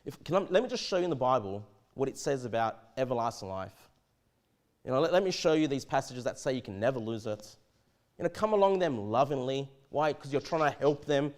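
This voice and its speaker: A man with an Australian accent preaching a sermon in a church, conversational and animated, often stammering and restarting his sentences. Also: medium pitch, brisk. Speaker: pastor.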